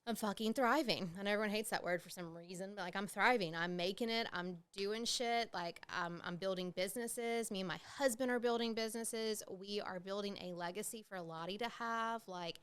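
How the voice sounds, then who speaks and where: A woman's voice: medium pitch, fairly quick, few pauses, a bit bright, smooth. A woman, hosting a podcast and telling her own story candidly, with plenty of fillers and swearing. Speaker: podcast host. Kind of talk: casual personal storytelling.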